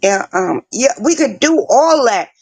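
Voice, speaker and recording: A woman's voice: a little high, animated, measured pace, a little mellow, no echo. A middle-aged woman hosting a casual chat, telling stories bluntly and with plenty of swearing. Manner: blunt, profane storyteller. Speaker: host.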